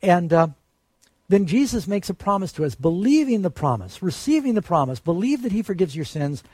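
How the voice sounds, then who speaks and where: A male preacher delivers a sermon with a husky, somewhat high voice. He speaks earnestly and lifts his voice when he quotes a promise. The sound is dry and close. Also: sing-song, fairly quick, warm tone, no room sound.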